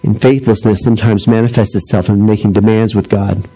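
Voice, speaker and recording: A middle-aged man preaching a sermon, animated as he tells stories and acts out voices, dropping low and slow for solemn points. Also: husky, low-quality recording. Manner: animated storytelling, acting out voices. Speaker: pastor.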